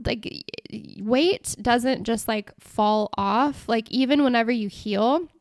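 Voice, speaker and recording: A woman's voice: fairly high pitch, slow pace, darkish tone, dry recording, clean studio sound. A young woman hosting a podcast, talking casually and expressively with lots of "like" fillers. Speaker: podcast host. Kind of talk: casual solo podcast talk.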